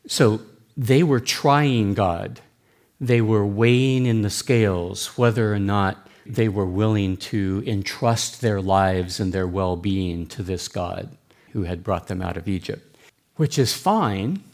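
A man preaching a sermon at a church, earnest and deliberate as he explains. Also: lowish voice, darkish tone. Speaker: pastor.

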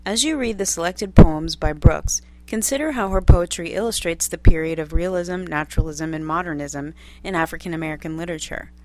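Woman, fairly low voice, measured reading, literature lesson, string of study questions. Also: darkish tone. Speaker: lecturer reading course text.

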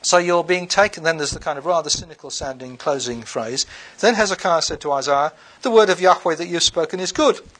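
A man, his voice set a little high, gives an unscripted bible lecture. He reads passages aloud and then talks them through in a loose, conversational way, often pausing on ums and uhs and restarting his sentences. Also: fairly bright tone. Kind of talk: unscripted lecture with scripture readings.

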